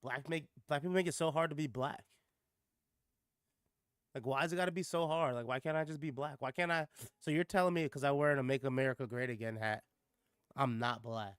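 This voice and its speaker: A man's voice: mid-range voice, steady tone, a little fast, pauses often, clean tone, no echo, clean studio sound. A man giving casual reaction commentary, sarcastic and profane, filling his talk with "like" and "bro.". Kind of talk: casual reaction commentary with read-aloud passages.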